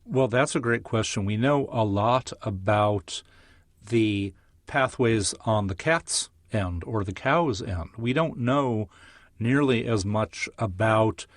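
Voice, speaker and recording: A man as a science guest on an interview show, explaining in a measured, lecture-like way with vivid examples. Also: fairly low pitch, dry recording, studio quality. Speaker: neuroscientist guest.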